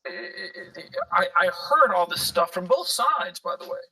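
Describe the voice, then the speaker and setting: A man speaking haltingly in a played video clip, stumbling over and repeating his words. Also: high-pitched, very animated, gravelly, sharp tone, far from the mic, slight background noise, poor audio.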